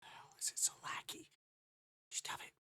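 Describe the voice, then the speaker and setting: A man's voice: measured pace, pushed and bright, no room sound, in a whisper. Muttering man streaming a game. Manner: muttering and swearing at lag, puzzled questions. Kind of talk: casual live-stream gaming talk.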